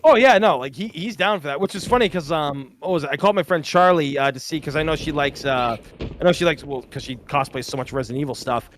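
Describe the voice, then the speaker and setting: A man's voice: fairly high pitch, quick pace, slight background noise. A young man co-hosting a gaming livestream, rambling casually with many fillers. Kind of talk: casual chat.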